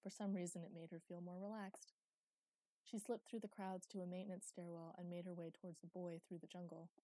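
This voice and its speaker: A young woman reading a story aloud in an even, unhurried narration. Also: on the low side, no room sound. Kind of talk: audiobook narration.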